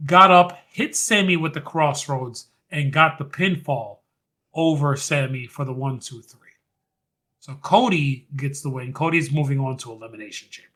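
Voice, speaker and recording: A man hosting a podcast, recapping a match in casual chat. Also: medium pitch. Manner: animated, fast-running recap. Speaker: podcast host.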